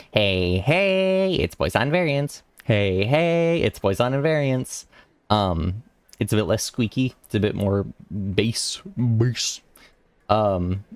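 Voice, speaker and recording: A man's voice: fairly low pitch, gravelly, dry recording. A young man chatting casually while streaming a game, rambling with restarts and laughs. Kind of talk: casual gaming stream chat. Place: home room.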